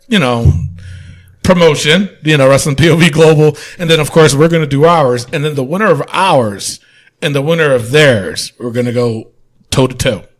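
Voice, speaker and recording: A man hosting a casual wrestling podcast, joking around, laughing often and swearing casually. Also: on the high side. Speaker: podcast host.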